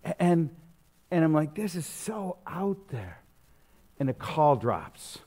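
A middle-aged man preaches in a loose, conversational way, full of asides and restarts. His voice sits a little high and swings widely in pitch as he tells his stories. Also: slow pace. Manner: animated storytelling, conversational with many fillers. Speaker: pastor. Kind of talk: sermon.

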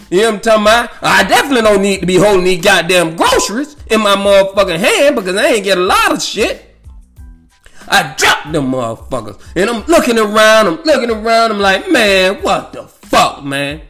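A man's voice: high voice, very animated, a little fast, fairly bright tone, soft background music. A man hosting a podcast who tells casual, profane, rambling stories, laughs at his own jokes and keeps checking in with "you know what I'm saying.". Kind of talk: casual storytelling monologue.

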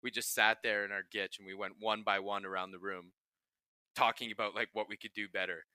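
A young man spins locker-room tales with a bright, lively edge and lots of swearing. His voice sits a little low, and the sound is dry and close with no room around it. It's loose, casual podcast banter. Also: fairly quick, smooth, no echo. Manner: profane, laughing anecdotes. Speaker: podcast co-host, pro hockey player. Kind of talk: casual storytelling chat.

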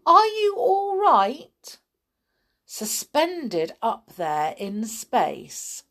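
A woman reading a children's story aloud with expressive, dramatic delivery. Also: mid-range voice.

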